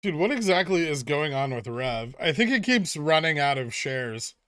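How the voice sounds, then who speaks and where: Dry, bright-voiced joking male streamer. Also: on the high side, sing-song, moderate pace, clear, resonant tone, dry recording. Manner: dry sarcastic joking, loose and rambling. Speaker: streamer host of a stock trading livestream. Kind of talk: casual livestream chat.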